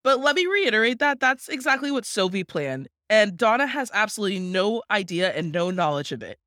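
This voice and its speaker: A woman's voice: mid-range voice, sing-song, brisk, a bit bright, no room sound, clean studio sound. A young woman co-hosting a podcast, chatting casually in a bubbly, giggly way. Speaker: podcast co-host. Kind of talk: casual chat.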